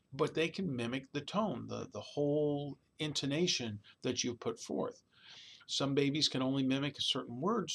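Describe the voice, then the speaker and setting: A man's voice: mid-range voice, a bit bright. A man giving a recorded college lecture in a conversational way, often checking in with "all right?" and "okay?", sometimes imitating baby babble. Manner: demonstrates baby babbling sounds.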